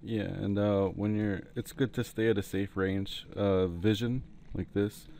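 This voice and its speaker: A man giving a relaxed, rambling painting tutorial with jokey asides, talking into a headset mic. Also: lowish voice, a little slow, gravelly, slight background noise. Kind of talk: casual tutorial commentary while painting. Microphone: headset mic, breathing into it.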